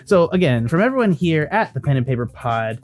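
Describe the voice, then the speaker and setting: A man's voice: on the high side, very animated, a little fast, faint music behind. A man narrating a tabletop game as dungeon master and podcast host, rambling with plenty of fillers.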